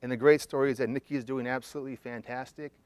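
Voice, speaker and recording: A man's voice: mid-range voice, fairly even intonation, racing, darkish tone, clear, resonant tone, dry recording. A man, a therapist, presenting a case study to an audience in a conversational storytelling way, checking in with listeners as he goes.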